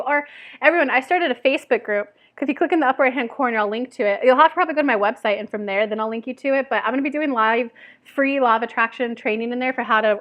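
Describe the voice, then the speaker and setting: A young woman vlogging to camera in a chatty, bubbly way. Her voice sits a little high, and she jokes at her own expense, with plenty of ums and likes. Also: a bit bright. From Tennessee. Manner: bubbly, chatty, self-deprecating with frequent laughs and fillers. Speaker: weight loss vlogger. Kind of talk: casual chat to camera.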